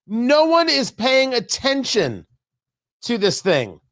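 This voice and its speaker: A man's voice: very high voice, huge pitch swings, slow, fairly bright tone. A man hosting a political talk show from a studio, talking in an indignant, mocking and emphatic way. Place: radio studio.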